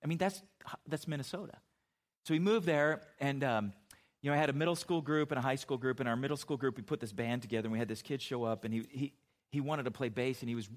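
A middle-aged pastor preaches a sermon with a mid-range voice, telling stories in a relaxed, conversational style full of restarts and asides.

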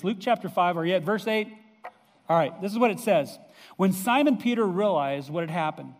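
High-voiced pastor preaching in a hall. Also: male voice. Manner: storytelling, conversational with fillers. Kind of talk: sermon. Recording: long reverb of a hall.

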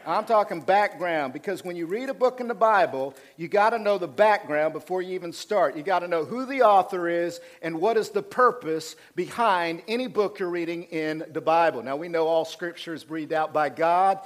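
A male pastor preaching a sermon, swinging from loud emphatic passages to quiet asides, fired up. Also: moderate pace, hardly any pauses. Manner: preaching with rising intensity, dropping low for asides.

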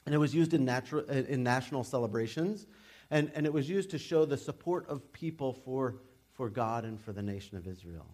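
A young adult man preaching a sermon as pastor, in a casual, animated way with frequent restarts. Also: medium pitch, a little fast.

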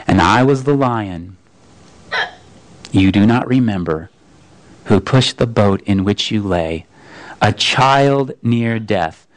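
Storybook lion, deep-voiced and grave, read by a man; a wise, calm male beast, slow and weighty.

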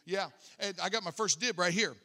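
A man's voice: sits high, fairly quick, pushed and bright. A man preaching a storytelling sermon in a conversational way, often repeating words as he starts a thought. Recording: echoey hall reverb.

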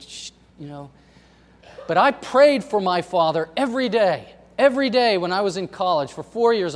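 A middle-aged male pastor preaches in a fairly high voice, telling stories and shifting from loud emphasis to quiet asides. His words ring out in a church sanctuary, trailing a long hall reverb. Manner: storytelling, swings from loud emphasis to soft asides. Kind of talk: sermon.

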